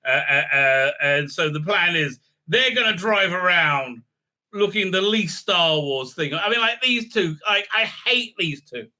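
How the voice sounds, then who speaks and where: Guy ranting a casual review, lots of uhs, sharp bright voice, a bit high. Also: expressive, unhurried. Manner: rambling, mocking, many fillers. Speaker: video reviewer.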